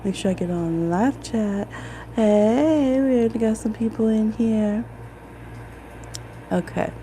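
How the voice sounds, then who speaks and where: Slow, gravelly Midwestern woman live-streaming. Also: a little high, warm tone, rough recording. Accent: Midwestern American. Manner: chatty, laughs often, greets viewers. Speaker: tarot reader hosting a live stream. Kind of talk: casual live-stream chat. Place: home, room with a lamp, rain outside. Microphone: phone. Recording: home phone stream with rain noise.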